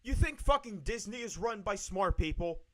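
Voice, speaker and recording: A man's voice: high voice, expressive, normal speed, sharp tone. A man streaming live, ranting angrily with heavy swearing and repeating his points. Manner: profane, angry, repeats himself.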